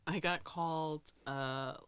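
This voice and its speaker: A woman's voice: deep voice, steady tone, slow pace, a bit bright, clean tone, no echo. A woman co-hosting a casual podcast, teasing the others with dry wit. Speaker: podcast co-host. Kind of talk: casual chat.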